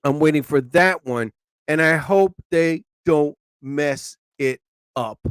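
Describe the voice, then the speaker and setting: A man hosting his own live stream in a loose, rambling way, with quick flashes of frustration and swearing. His voice sits fairly high, and the recording is dry and close. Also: smooth, dry recording. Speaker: live show host.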